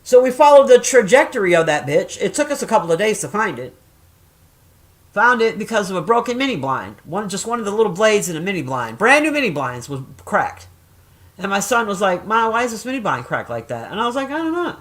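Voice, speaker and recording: A middle-aged woman chatting casually and telling stories, swearing often and jumping loud when she acts out quoted voices. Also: mid-range voice, brisk. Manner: profane, animated, acts out quoted voices loudly. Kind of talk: casual storytelling chat.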